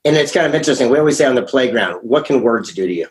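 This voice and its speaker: A man's voice: mid-range voice, animated, rapid-fire. Upbeat coaxing father. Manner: upbeat, coaxing, prompts with questions. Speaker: guest, father. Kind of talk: casual interview.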